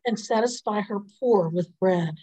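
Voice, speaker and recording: A woman reads scripture aloud for a morning prayer service. Her voice sits at an ordinary middle pitch, and she keeps a measured, even delivery through the psalm responses and the lesson. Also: rough recording. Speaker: scripture reader. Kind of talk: liturgical responsive reading.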